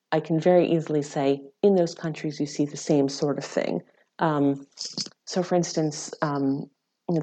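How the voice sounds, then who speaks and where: An American woman, a researcher, answering interview questions in a measured, explanatory way with frequent fillers. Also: sits low, dark tone. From United States. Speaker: researcher guest. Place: lives in the UK.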